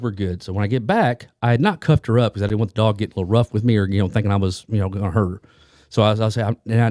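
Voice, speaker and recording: A man's voice: on the low side, darkish tone, no room sound, studio quality. A man co-hosting a podcast, telling a rambling anecdote full of restarts and asides in casual chat. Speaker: police detective and co-host.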